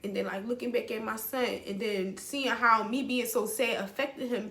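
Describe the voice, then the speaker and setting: A woman's voice: fairly high pitch, fairly even intonation, normal speed, hardly any pauses, fairly bright tone, echoey room. A young woman, telling a raw personal story to her viewers, blunt and emotional and swearing freely. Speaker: vlogger. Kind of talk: candid storytelling to camera.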